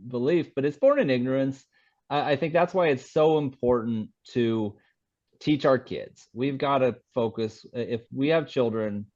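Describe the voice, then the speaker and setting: A man being interviewed on a podcast as an author, talking in a casual, halting way with frequent fillers and restarts. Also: mid-range voice, darkish tone, dry recording, muffled recording.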